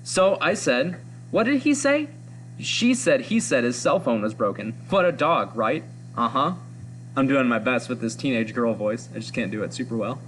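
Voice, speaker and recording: A man's voice: medium pitch, expressive, moderate pace, a bit bright, a little hiss or hum, natural voice. Figure: a man putting on a gossipy teenage girl. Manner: gossipy, dramatic.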